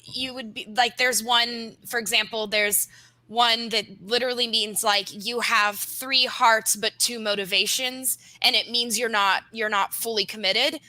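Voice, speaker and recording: A woman co-hosting a film discussion stream who works as a translator, explaining her points in a lively way and laughing along as she talks. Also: a little high, measured pace, no room sound, rough recording. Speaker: co-host and translator. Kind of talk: casual discussion.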